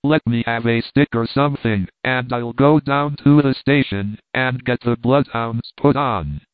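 A man's voice: medium pitch, unhurried, no room sound, close to an everyday voice. A man reading the part of a frightened but stubborn man who stammers a little, on a tinny, dry line. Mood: anxious. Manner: stammering, hoarse.

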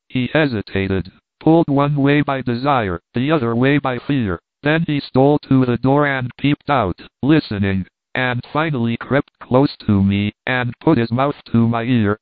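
Male reader for a first-person story, wry and lively; dry, phone-like recording. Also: medium pitch, no echo. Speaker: audiobook reader.

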